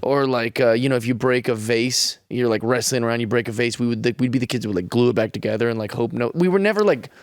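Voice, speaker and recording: A man's voice: medium pitch, fast talker, hardly any pauses, no echo, clean studio sound. A man telling a comic story on a podcast in a rambling way, full of fillers like "like" and "you know.". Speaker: comedian guest. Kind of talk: casual comedic podcast chat.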